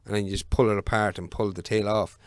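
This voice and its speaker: A man's voice: lowish voice, level tone, fast talker, no echo, clean studio sound. A man, a podcast guest telling rambling, sweary stories in casual chat.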